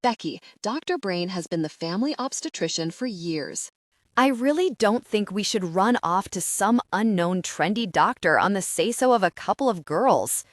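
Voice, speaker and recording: A brisk, no-nonsense husband lays down the law in short, curt sentences, read by a woman narrator. He sounds like a busy businessman in a comedy audiobook. The sound is dry and close. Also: sits high, animated, dry recording. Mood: firm. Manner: firm, curt and commanding.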